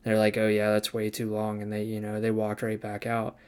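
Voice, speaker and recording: A man's voice: lowish voice, monotone, fairly quick, smooth. A young man, a barber student, telling a story casually and acting out the people he quotes, swearing now and then.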